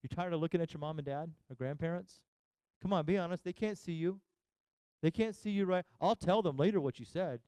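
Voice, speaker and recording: Mellow-voiced pastor preaching. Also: male voice, on the high side, dry recording, rough recording. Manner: talks straight to listeners, asks questions, pauses for effect. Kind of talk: sermon. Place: church.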